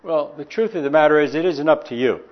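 A man preaching a sermon in a folksy, conversational way, slowing down to stress key words. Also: on the high side, expressive. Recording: dull lo-fi recording.

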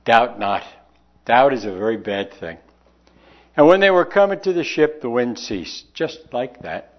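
A man preaching a sermon in a folksy, conversational way, slowing down to stress key words. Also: mid-range voice, lively intonation. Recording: dull lo-fi recording.

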